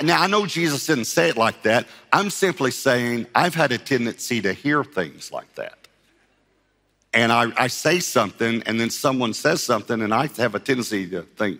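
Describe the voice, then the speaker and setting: A man preaching a sermon as pastor, telling the story with lively acted-out voices and laughter. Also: medium pitch, moderate pace, long reverb tail.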